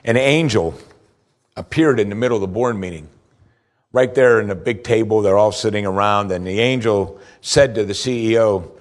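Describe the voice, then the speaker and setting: A man preaching a sermon as pastor, asking the congregation rhetorical questions, his voice rising for emphasis and slowing down on key points. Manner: rises in pitch for emphasis, slows for key points.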